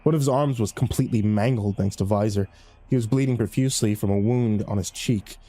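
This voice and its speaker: A man narrating a first-person horror story in a measured, grim way. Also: lowish voice, warm tone, no echo.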